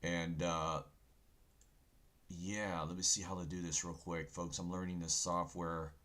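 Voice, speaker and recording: Deep-voiced man rambling on a livestream. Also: little pitch movement, unhurried, fairly bright tone. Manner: folksy, rambling, says "folks" and "okay" often; preachy, insistent on biblical points. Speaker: livestream host. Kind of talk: casual livestream chat.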